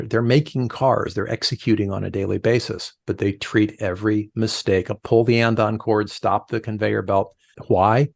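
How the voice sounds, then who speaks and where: Middle-aged guy on a podcast, gravelly voice, super dry close sound, keeps acting out little quotes. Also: fairly low pitch, no echo. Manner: animated storyteller, acts out quoted voices. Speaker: podcast guest, leadership coach. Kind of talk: conversational podcast interview.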